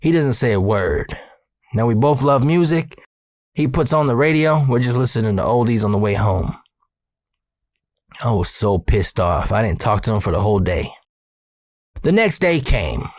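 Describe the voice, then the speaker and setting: A man's voice: medium pitch, normal speed, long pauses, no echo. Profane casual storyteller man, dry sound. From Arizona, USA. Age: 30s. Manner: profane, streetwise slang, animated when excited. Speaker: storyteller host.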